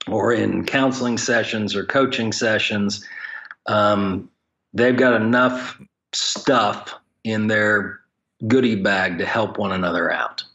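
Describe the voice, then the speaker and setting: A man with a fairly low voice tells stories as a podcast guest, frank and joking, his wording plain and blunt. The audio is a little dull and lo-fi. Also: a bit bright. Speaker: guest, ministry leader for pastors. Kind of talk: conversational podcast storytelling.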